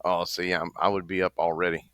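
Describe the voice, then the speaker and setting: A man's voice: deep voice, little pitch movement, quick pace, a bit bright, clean tone. A man co-hosting a casual podcast, chatty and jokey, often talking straight to his listeners. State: restless, leg bouncing while seated. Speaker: podcast co-host. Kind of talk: casual chat.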